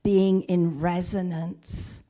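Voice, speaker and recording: Low, slow-speaking woman minister. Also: little pitch movement. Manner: gentle, halting retelling with many restarts. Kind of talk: storytelling sermon. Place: church or spiritual center.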